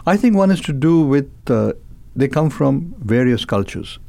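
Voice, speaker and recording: A man's voice: medium pitch, animated, normal speed, vocal fry, dark tone, no room sound. An older man answering interview questions as a company chairman, hesitant, with many fillers and repeated words.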